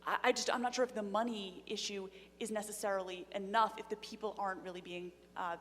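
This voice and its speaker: A woman's voice: medium pitch, steady tone, fast, a bit bright. Audience woman with a long earnest question, reverberant hall, faint hum behind. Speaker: audience member asking a question. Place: lecture hall.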